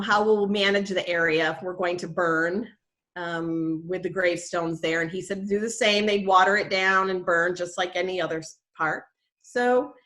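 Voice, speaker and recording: A woman's voice: medium pitch, a bit bright. A middle-aged woman, a nature preserve educator, telling a story in a casual, chatty way, with plenty of fillers and self-corrections.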